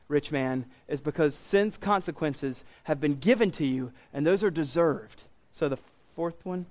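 Brief: male pastor preaching in church, emphatic and earnest, driving points home by repetition. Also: on the high side. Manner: earnest, emphatic, repeats key phrases. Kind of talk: sermon.

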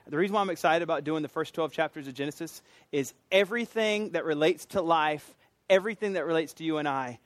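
A man's voice: on the high side, no room sound. A middle-aged man with a Southern US accent, a pastor teaching a sermon in a conversational, folksy way with self-deprecating asides. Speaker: pastor teaching a doctrine class.

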